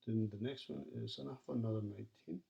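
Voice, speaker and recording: A man's voice: fairly low pitch, fast talker, creaky, dark tone, lo-fi sound. A man teaching a recorded math lesson, talking to students as he works through problems and counts the numbers aloud.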